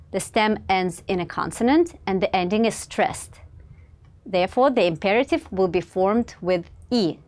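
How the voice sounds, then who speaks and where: A woman with a voice of middling pitch narrates a scripted grammar lesson. She speaks in a measured, clear way, pausing after each example word. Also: animated, darkish tone. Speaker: language teacher.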